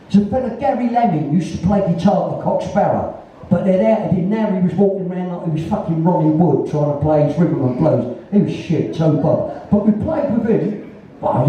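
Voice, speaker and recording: Older Cockney man, blunt sweary raconteur, dark voice, lively pitch; recorded far off in a big echoey venue. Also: a little hiss or hum. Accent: Cockney, East London. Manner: blunt, sweary, laughing anecdotes. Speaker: interviewee, punk musician. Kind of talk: casual storytelling on stage. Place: live venue, in conversation event. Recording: echoey hall, distant lo-fi mic.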